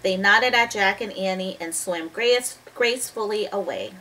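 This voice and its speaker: A woman reads a children's chapter book aloud in a lively, expressive way. She pauses now and then to talk about the pictures. Her voice is mid-pitched, and the mic sits at a distance. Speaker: storybook reader.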